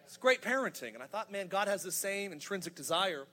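A man in his thirties preaching a sermon as pastor, energetic and humorous, building to emphatic points. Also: high voice, a little fast. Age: 30s.

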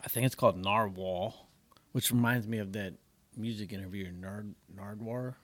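A man with a somewhat low voice chats easily on a beer-drinking podcast. He rambles through his stories in a relaxed, loose way. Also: fairly quick. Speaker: podcast co-host. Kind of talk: casual chat over beer.

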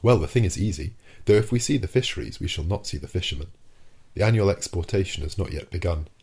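A man's voice: low voice, animated, fast, darkish tone, slightly rough, heavily acted. A man voicing a cool, commanding submarine captain in an audiobook, formal and offhand. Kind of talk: audiobook character voice.

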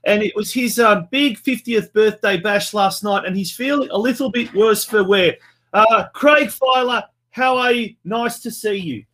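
A man's voice: high voice, a little slow, fairly bright tone. A man hosting a football show in a chatty manner, full of fillers and restarts. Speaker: host.

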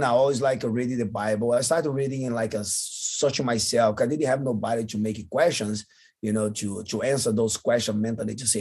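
Husky man. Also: mid-range voice, a little mellow. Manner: halting, non-native phrasing, frequent restarts. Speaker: guest, jiu-jitsu champion. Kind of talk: podcast interview storytelling.

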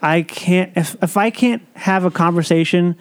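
Guy guesting on a podcast, high voice, animated storytelling. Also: normal speed, clear, resonant tone. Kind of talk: casual chat.

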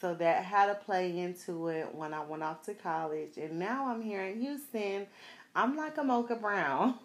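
A woman's voice: mid-range voice, normal speed. A woman in her thirties from South Florida, telling a personal story casually to viewers, with lots of laughter and slang. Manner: animated, laughs often, slangy, addresses viewers.

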